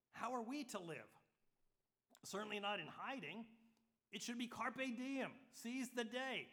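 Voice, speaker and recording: A man's voice: sits high, fairly bright tone. A man preaching a sermon in a conversational way, checking in with his listeners and adding light humor. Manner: conversational preaching with frequent "okay?" check-ins; light humor woven into teaching. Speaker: pastor.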